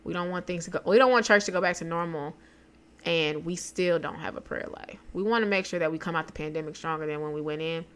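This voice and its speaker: A woman co-hosting a podcast in relaxed, slangy casual chat, sounding sleepy. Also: lowish voice, fast talker, clear, resonant tone. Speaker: podcast co-host.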